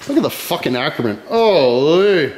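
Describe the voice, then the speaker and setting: A man's voice: on the high side, big pitch swings, normal speed, a little hiss or hum. Rowdy man with a swinging voice. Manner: swears constantly, teasing, laughs a lot. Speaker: vlogger. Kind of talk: rowdy casual banter. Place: outdoors by a store.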